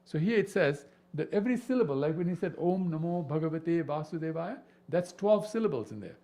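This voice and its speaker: Lively man teaching scripture. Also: sits high, fast talker. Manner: animated, peppered with rhetorical questions. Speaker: spiritual teacher. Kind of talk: devotional scripture class.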